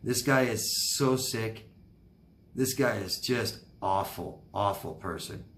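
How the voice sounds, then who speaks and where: A man's voice: on the low side, takes it slowly, a bit bright, a little hiss or hum. A man working as a life coach, answering viewer questions on video in a blunt, emphatic way, repeating his advice, with sympathetic sighs and exclamations.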